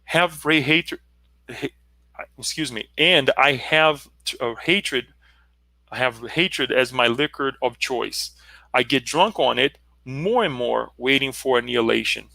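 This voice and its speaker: A man's voice: medium pitch, a little slow, gravelly, sharp tone, no echo. A man reading the lines of an anguished rabbi confessing hatred and despair. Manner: anguished confession read aloud.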